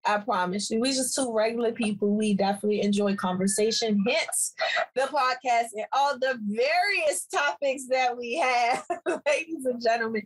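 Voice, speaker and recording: Playful podcast lady from the dc area, really high voice, giggles a lot. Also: normal speed, low-quality recording. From Washington DC area, US. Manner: playful, laughs often. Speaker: podcast co-host. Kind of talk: casual chat.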